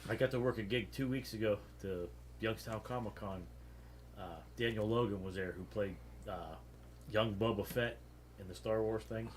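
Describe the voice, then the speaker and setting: A man's voice: fairly low pitch, steady tone, moderate pace, a little hiss or hum. A man in a casual chat, easygoing and telling anecdotes.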